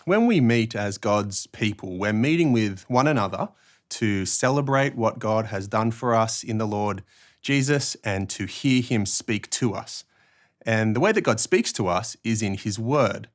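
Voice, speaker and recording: A lower-voiced Australian man speaks to camera in a calm, instructive way. His phrasing is clear and deliberate, and he pauses to let each point land. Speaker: church ministry trainer.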